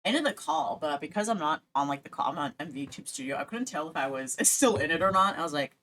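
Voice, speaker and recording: This streamer talks casually as she draws, giggly and self-deprecating, her thoughts wandering. She speaks in a low-pitched, animated voice, a little fast and a bit bright, pausing often.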